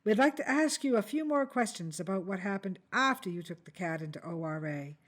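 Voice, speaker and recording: A woman reading the lines of a calm, methodical male police detective with polite, measured questions. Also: mid-range voice, close to an everyday voice. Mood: formal.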